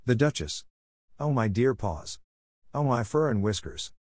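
A man's voice: medium pitch, lively intonation, measured pace, darkish tone, no echo, studio quality. A man voicing an anxious White Rabbit in a storybook reading, muttering fretfully to himself.

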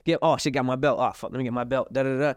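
A young man in his twenties, telling a story in casual chat with a lot of street slang and fillers, and acting out the other people's lines in a higher voice. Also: very fast, no room sound. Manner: animated, acts out the other side's lines in a high voice. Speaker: boxer and podcast guest.

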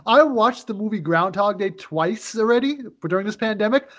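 A man co-hosting a casual podcast, talking in an animated, rambling way and swearing often. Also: sits high, moderate pace. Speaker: podcast co-host. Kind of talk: casual chat.

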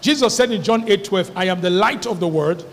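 A man's voice: high-pitched, a little fast, a little hiss or hum. A man preaching a sermon as pastor, leading the congregation in call-and-response and stretching out key words for emphasis. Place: church hall. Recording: reverberant church hall.

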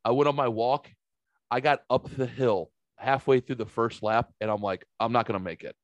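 A man in his forties, a podcast host telling casual stories in an animated way, swearing freely and jumping higher when excited. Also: normal speed, no room sound, lo-fi sound. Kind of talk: casual storytelling chat.

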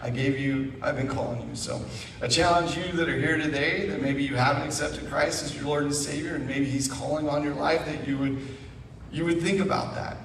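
A middle-aged man telling his testimony as a guest speaker at church, animated with asides. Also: a little high, a little fast, slight background noise. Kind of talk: personal testimony. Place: church sanctuary. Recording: echoey room, mic far off.

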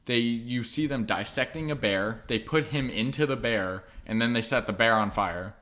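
A man's voice: medium pitch, moderate pace, fairly bright tone. A young man co-hosting a podcast in casual chat, rambling and swearing, full of likes and ums. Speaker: podcast co-host.

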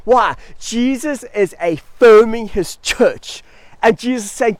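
A man preaching a sermon as pastor, animated and emphatic, leaning on pauses and repetition. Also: high-pitched, no echo.

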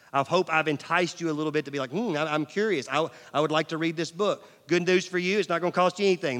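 A middle-aged male pastor preaching a sermon, swinging from loud emphasis to near-whispers and asking the audience questions. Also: fairly high pitch. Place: large church hall. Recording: long church hall reverb.

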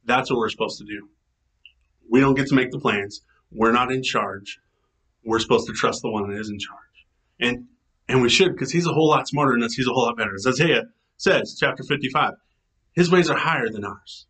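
An enthusiastic man talks through scripture like a casual chat with friends, his voice bright and forward in a middle register. He acts out quotes with lively shifts in delivery, as a pastor who calls himself a nerd. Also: mid-range voice, fairly quick, rough recording. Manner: chatty, enthusiastic, self-described nerd; animated quoting in character voices. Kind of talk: casual devotional talk.

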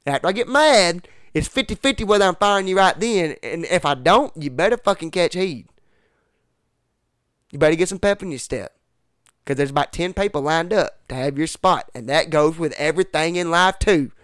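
A man with a fairly high voice rants bluntly in a relaxed podcast chat, swearing freely and dropping rural slang like "ain't" and "y'all". The sound is dry and close, with no room echo. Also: normal speed, clear, resonant tone. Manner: blunt, profane, emphatic rant. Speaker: podcast guest. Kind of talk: casual chat.

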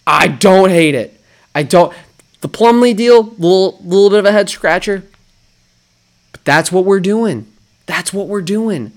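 A man's voice: sits high, a little slow. A man hosting a solo sports talk show, riffing and mocking himself with lots of rhetorical questions. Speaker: sports podcast host.

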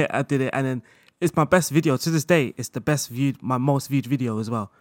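A man speaking as a guest in a casual interview chat, relaxed, laughing often and talking in loose run-on sentences full of fillers. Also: mid-range voice, moderate pace, no room sound, clean studio sound. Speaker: guest content creator.

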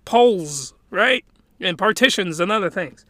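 A man excitedly recapping a story in casual chat, laughing and rambling with many restarts. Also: high-pitched, measured pace, no echo, studio quality. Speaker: video commentator.

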